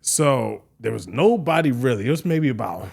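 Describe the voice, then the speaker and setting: Man telling a rambling story, mid-pitched. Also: animated, moderate pace, gravelly, a little mellow, slightly rough. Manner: rambling, full of "like" and "you know". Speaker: guest DJ. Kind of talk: casual interview storytelling.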